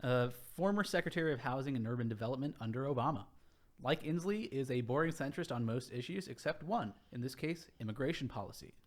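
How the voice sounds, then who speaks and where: A man's voice: mid-range voice, expressive, fast talker. A young man hosting a casual podcast chat, reading a rundown with sarcastic, profane asides. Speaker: podcast host.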